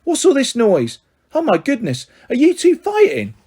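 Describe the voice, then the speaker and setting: A man's voice: high voice, very animated, brisk, a little mellow, pitched above the performer's own voice, exaggerated voice. A man voicing a stern, fussing motherly woman who runs a big household.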